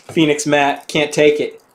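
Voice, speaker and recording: A man's voice: fairly high pitch, fairly bright tone. A man hosting a casual live stream while working on his bike, rambling and swearing casually as he reads chat aloud.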